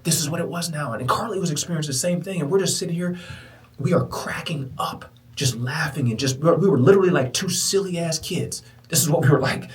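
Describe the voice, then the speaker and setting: A man hosting a podcast, telling a personal spiritual story in a lively, preacher-like way. He moves between loud exclamations and hushed, whispered passages. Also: a little high, quick pace, few pauses, recorded from a distance, rough recording. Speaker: podcast host. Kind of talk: motivational storytelling.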